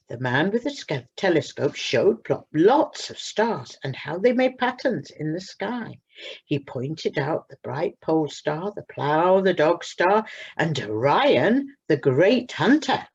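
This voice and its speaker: A woman reading a children's story aloud at a church service, with slow, expressive storytelling. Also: low-pitched, husky, lo-fi sound.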